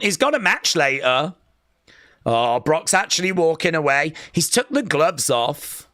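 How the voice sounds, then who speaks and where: A man hosts a live wrestling watch-along, calling the action with sarcastic, teasing remarks. His voice sits fairly high and bright, and he speaks at an unhurried pace. The sound is close and dry. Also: dry recording. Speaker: live stream host.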